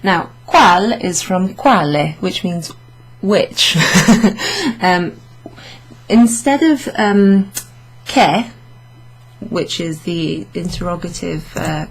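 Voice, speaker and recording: A woman teaching Italian in a relaxed, chatty classroom way, laughing often and saying her examples slowly. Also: lowish voice, slightly rough, low-quality recording. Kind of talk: casual classroom explanation.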